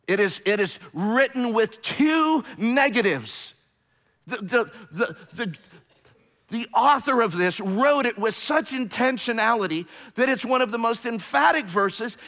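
A man preaching a sermon, emphatic and repetitive, swinging from hushed tones to shouting. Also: very high-pitched. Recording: long hall reverb.

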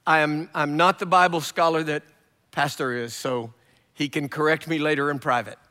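High-voiced, bright male preacher. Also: moderate pace, clean tone, long reverb tail. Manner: animated storytelling, humorous. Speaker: guest preacher. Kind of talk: sermon.

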